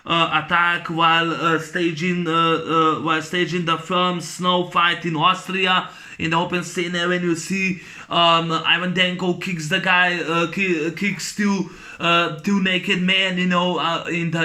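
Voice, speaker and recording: A man giving a casual spoken film review, halting, with many ums and restarts, and blunt, with free swearing. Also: high-pitched, sharp tone. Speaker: movie reviewer.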